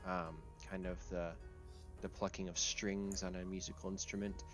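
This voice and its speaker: A man acting as game master, narrating a tabletop game in a relaxed way, full of ums and uhs. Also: low voice, normal speed, soft background music. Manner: relaxed, with many fillers.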